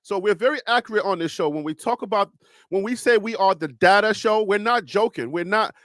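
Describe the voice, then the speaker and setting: A man hosting a live sports talk show, speaking in a calm, reassuring, preacher-like cadence and often repeating and restarting phrases. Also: sits high, fairly quick, dry recording, clean studio sound.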